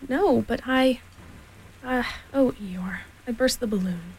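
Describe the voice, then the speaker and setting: A woman's voice: on the high side, slow, a little mellow, breathy edge, heavily acted, poor audio. A woman voicing a small, timid young male piglet in a storybook reading, hesitant and apologetic.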